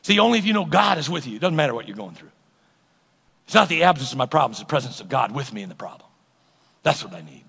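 A man's voice: mid-range voice, sing-song, fast talker, creaky, pushed and bright, breathy edge. A man preaching a sermon as pastor, emphatic and calling on his congregation to respond, in a church sanctuary with long reverb. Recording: long reverb of a large hall.

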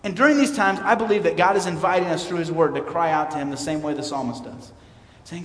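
Male pastor, earnest sermon, loud then hushed, roomy echo. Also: a little high, fast. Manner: earnest, candid, swings from loud to quiet. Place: church sanctuary. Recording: roomy hall reverb, mic far off.

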